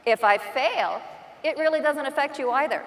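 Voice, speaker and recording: A woman's voice: sits high, normal speed, a bit bright. Chatty woman with a Newfoundland accent, big hall. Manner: chatty, self-deprecating storyteller. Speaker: real estate agent giving a conference talk. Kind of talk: conference keynote talk. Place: large conference hall.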